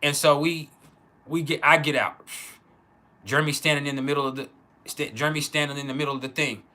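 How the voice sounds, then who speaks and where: A man telling a personal childhood story in a casual, halting way, with many restarts. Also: a little high, steady tone, bright, forceful tone. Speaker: channel host.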